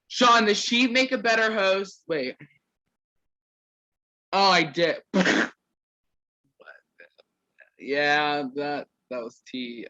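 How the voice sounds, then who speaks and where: A man's voice: a little high, sharp tone, muffled recording. A young man casually reading roasts aloud to a group on a call, stumbling over words and laughing.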